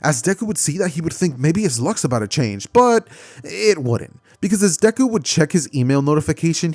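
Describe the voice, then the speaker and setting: A man casually retelling a fan-made story, animated and conversational, with frequent fillers. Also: on the high side, no room sound, studio quality.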